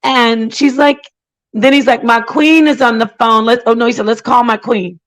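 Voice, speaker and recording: A woman's voice: a little high, fairly even intonation, moderate pace, rough recording. A woman hosting her own channel, telling a story in an indignant casual rant with mocking impressions of others. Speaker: channel host.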